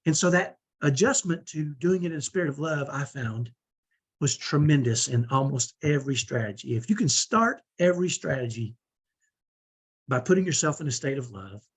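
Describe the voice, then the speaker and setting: A middle-aged man giving a conversational teaching talk to parents, often checking in with a quick "right?" as he makes his points. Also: medium pitch, breathy edge. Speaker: parent coach.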